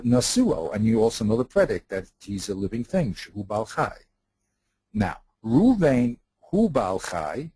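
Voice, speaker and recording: A man's voice: fairly low pitch, a little mellow, slightly rough, no echo, low-quality recording. A man teaching in a study session, patiently explaining a text, repeating himself and checking that his partner follows.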